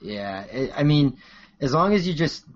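A man in his late twenties with a Boston accent chats as a podcast guest. He talks in loose, filler-heavy stretches at an ordinary pitch. The recording sounds a little dull and lo-fi. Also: sing-song, normal speed, a crowd in the background. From South Korea. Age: 20s. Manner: rambling, filler-heavy storytelling. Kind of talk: casual podcast chat.

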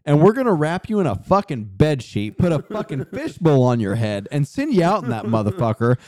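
Male podcast co-host, mellow voice, big swinging pitch, sarcastic and profane, dry close mic. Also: fairly quick. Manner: animated, sarcastic, heavy swearing. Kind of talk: casual podcast chat.

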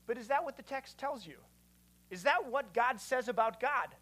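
A man, a pastor, giving an animated teaching sermon and quizzing his listeners. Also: extremely high pitch, moderate pace.

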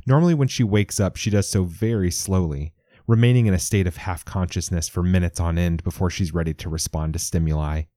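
Male narrator, deep and mellow, measured audiobook delivery, dry close read. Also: no echo. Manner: measured, even storytelling.

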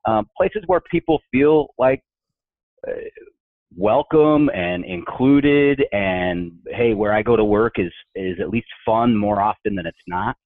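A man's voice: lowish voice, unhurried, no echo. A man casually chatting as a workplace humor speaker, telling anecdotes and acting out the voices in them. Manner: animated storyteller, acts out quoted voices. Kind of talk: casual podcast conversation. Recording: tinny phone-like line, dry.

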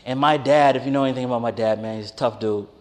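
A man preaching a conversational sermon, telling a personal story with animated, emphatic rises. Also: medium pitch, quick pace. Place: church hall with congregation. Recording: reverberant hall.

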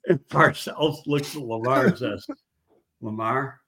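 A man's voice: mid-range voice, lively intonation, unhurried, echoey room, background noise. An older man, a guest in a casual chat, telling blunt, rambling football stories with swearing and restarts. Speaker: guest, former football scout.

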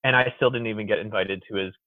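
A man as a podcast guest in casual chat, an animated, exuberant storyteller. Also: fairly low pitch, fast, no echo. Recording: tinny phone-like dry sound.

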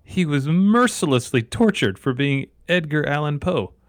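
A man's voice: on the high side, normal speed, no echo, studio quality. A middle-aged man co-hosting a podcast, telling stories in a casual, joking way. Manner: joking, animated storyteller. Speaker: podcast co-host. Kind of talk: casual chat.

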